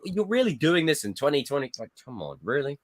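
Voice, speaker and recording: Opinionated male co-host, lively delivery, dry close mic. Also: on the high side, a little fast, dry recording. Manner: opinionated, argumentative. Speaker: podcast co-host. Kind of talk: casual movie discussion.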